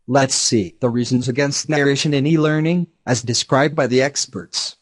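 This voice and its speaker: A text-to-speech male voice giving a measured, explanatory scripted lesson narration. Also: mid-range voice. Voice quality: even synthetic delivery.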